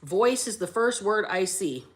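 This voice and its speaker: A woman's voice: mid-range voice, expressive, measured pace. A woman hosting a casual tarot reading, brash and chatty, swearing freely and greeting her viewers. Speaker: tarot reader and channel host.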